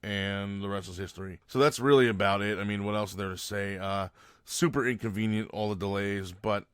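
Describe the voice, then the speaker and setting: A man's voice: on the low side, steady tone, brisk, smooth, no echo, clean studio sound. A man hosting his own podcast, telling a long story in a loose, rambling way and correcting himself as he goes. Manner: rambling, loose, lots of fillers and self-corrections. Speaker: podcast host. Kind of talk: casual storytelling monologue.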